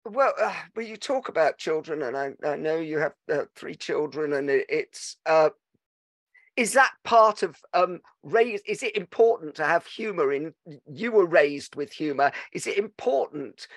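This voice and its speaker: A man's voice: fairly high pitch, lively intonation, unhurried, dry recording, studio quality. A man hosting a podcast, who chats easily, tells anecdotes and asks questions with a few restarts. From Scotland. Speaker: podcast host. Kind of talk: conversational interview.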